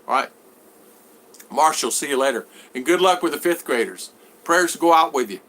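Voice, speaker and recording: A man with a slightly bright, higher-pitched, expressive voice speaks at a normal speed. He's a vlogger hosting a casual livestream from home, reading viewers' chat comments aloud and answering them in a rambling way, restarting often.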